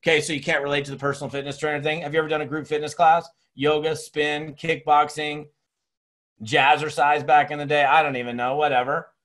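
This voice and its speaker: A man in his fifties delivers a motivational training talk, his voice sitting a little on the high side. He rattles through stories with lively energy, stumbling into quick restarts as he goes. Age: 50s. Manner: energetic storytelling, chatty with many restarts. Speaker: network marketing speaker and trainer. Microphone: webinar recording.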